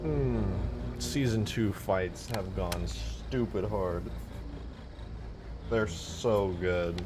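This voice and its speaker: A man live-streaming casual chat, excitable and foul-mouthed, yelling thanks to his chat and then mumbling asides. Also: on the low side, drawn-out words, background noise. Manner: excitable, swears a lot, yells thanks to chat; swings between mumbling asides and loud outbursts. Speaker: livestreamer and game modder.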